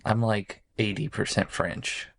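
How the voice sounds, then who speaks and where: A man's voice: on the low side, little pitch movement, a little slow, vocal fry, fairly bright tone, no echo. A man with a Kentucky accent co-hosting a podcast, talking in a dry, teasing way. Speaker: podcast co-host. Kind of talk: casual chat.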